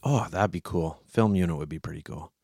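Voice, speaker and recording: A talkative man hosts a casual online chat show, prodding his guest with questions and frequent restarts. His voice sits low, and the sound is dry and close. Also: a little fast, mellow, no echo. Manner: chatty, prodding, restarts often. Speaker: host.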